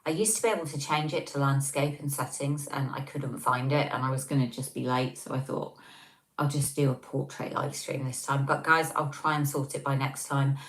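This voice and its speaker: Woman, English accent, low voice, rambling livestream chat, tablet mic at home. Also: steady tone, moderate pace. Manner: chatty, rambling with many ums. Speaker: livestream host.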